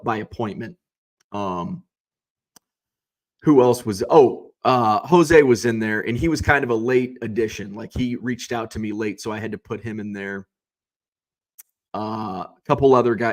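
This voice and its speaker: Hoarse, rambling man recapping casually. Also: mid-range voice. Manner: chatty, rambling, many fillers and restarts. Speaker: card show organizer and host.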